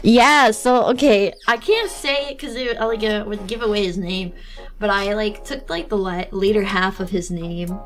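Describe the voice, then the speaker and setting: A woman's voice: mid-range voice, steady tone, normal speed. Chatty young woman streamer, laughing a lot. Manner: rambling, chatty, laughs often; teasing, snarky. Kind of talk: casual chat while drawing on stream.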